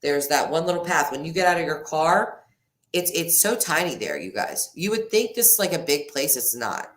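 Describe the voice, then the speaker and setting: A woman's voice: sits low, lively intonation, normal speed, a bit bright. A woman hosting a casual livestream who rambles and breaks off mid-sentence, laughs often and reads viewer comments aloud. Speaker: livestream host. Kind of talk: casual live chat with viewers.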